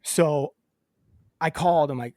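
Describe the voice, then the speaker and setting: A male podcast co-host with a fairly high, mellow voice chats casually at a measured pace, acting out a phone call as he tells a story. The recording is studio quality with no echo.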